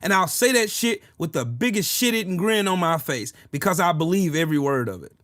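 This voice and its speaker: A man's voice: sits high, lively intonation, a little fast, a bit bright, no room sound, studio quality. A man hosting a livestream, delivering a heated, profane political rant and answering chat comments. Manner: profane, heated, repetitive ranting. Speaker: livestream host.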